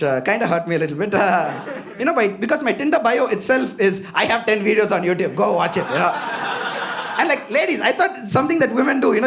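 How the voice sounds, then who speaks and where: A man's voice: high-pitched, fairly bright tone. A man doing a stand-up comedy set on a club stage, talking loosely and profanely with constant asides to the crowd. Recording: live club with audience laughter.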